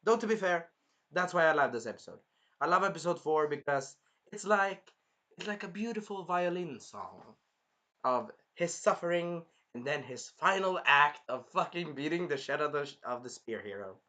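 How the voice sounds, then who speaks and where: A young man reviewing an anime episode in casual, animated chat, swearing freely as he talks. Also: fairly high pitch, moderate pace. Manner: animated, swears, acts out scenes in funny voices.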